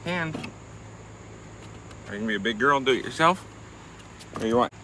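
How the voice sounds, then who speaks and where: A man's voice: medium pitch, expressive, fairly quick, bright, forceful tone, a little hiss or hum. A father talks casually on his homestead vlog, coaching his little daughter through colors in a playful way. His voice swings up and down with animation. Faint country ambience sits underneath. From West Georgia, USA. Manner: playful, teaching a toddler colors. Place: outdoors on a rural homestead.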